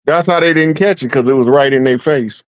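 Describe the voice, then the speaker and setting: A man's voice: medium pitch, brisk, no room sound, highs cut off. A man, chatting casually and laughing often, telling stories with energy. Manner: laughing often, animated storytelling. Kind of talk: casual conversation.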